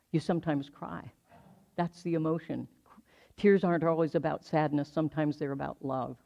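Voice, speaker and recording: A minister in their sixties from the United States, preaching slowly and reflectively, telling a personal story and repeating words for emphasis. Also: mid-range voice, darkish tone. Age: 60s. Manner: slow, reflective, with emphatic repetition. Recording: slightly dull lo-fi stream audio.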